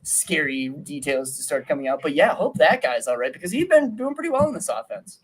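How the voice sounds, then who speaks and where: A young man co-hosting a sports podcast, breaking down game film in excitable casual chat, with lots of "like" fillers and casual swearing. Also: a little high, brisk, breathy edge. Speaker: podcast co-host and film analyst.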